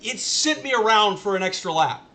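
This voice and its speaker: A man's voice: sits high, expressive, normal speed, pushed and bright. A man streaming a racing management game, talking casually to his chat in an exasperated, ranting way and repeating himself. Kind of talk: casual live-stream commentary.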